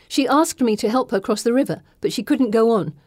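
A woman voicing an earnest teenage girl who speaks urgently and pleads, her voice raised and higher. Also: fairly quick, darkish tone, no echo, clean studio sound, close to an everyday voice.

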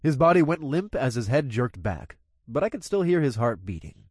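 A man's voice: mid-range voice, big pitch swings, normal speed, darkish tone, husky, no room sound, clean studio sound. A man narrating a gritty first-person story with crude, coarse language.

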